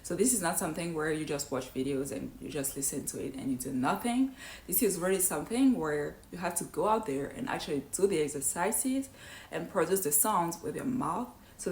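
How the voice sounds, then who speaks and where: A woman whose first language is not English gives an English pronunciation lesson. Her voice sits slightly low, and she explains each point step by step, often checking in with "right?". The room around her is echoey. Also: a little mellow.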